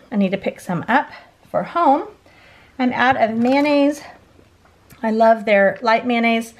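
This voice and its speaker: A woman casually chatting through a grocery haul as a vlogger, quick and rambling, a bit out of breath. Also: medium pitch.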